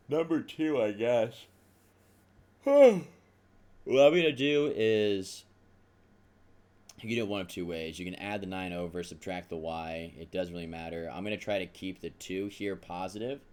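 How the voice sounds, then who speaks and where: A man teaching a math lesson, talking through the steps aloud in a casual, self-deprecating way. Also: low-pitched. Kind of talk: recorded math lesson at a whiteboard.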